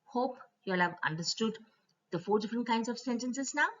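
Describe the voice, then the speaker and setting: A woman teacher giving a slide-based grammar lesson, speaking to children and repeating each rule slowly. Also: on the high side, a bit bright. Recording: dull lo-fi voice recording.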